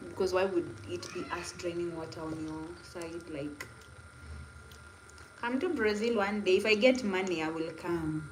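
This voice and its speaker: A woman's voice: fairly low pitch, moderate pace. Chatty young Kenyan woman on a livestream. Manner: chatty, rambling, laughing asides. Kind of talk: casual live stream chat. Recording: echoey room with faint noise.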